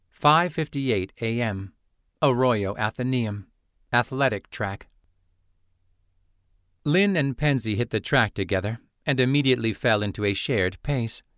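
A man reading a novel aloud as an audiobook narrator, in steady scripted narration. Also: mid-range voice, no room sound, studio quality.

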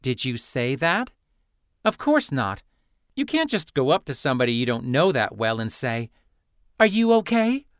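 A man's voice: mid-range voice, very animated, normal speed, no echo, clean studio sound, natural voice. A man voicing a fiery, snide young female student in an audiobook. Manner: snide, combative.

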